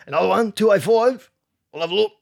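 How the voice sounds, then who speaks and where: A man's voice: high voice, quick pace, gravelly, pitched above the performer's own voice. A man voicing a dodgy tyre dealer who slurs his words and can barely be understood. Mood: slurred. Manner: slurred, hard to understand. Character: slurring dodgy male tyre dealer, middle-aged.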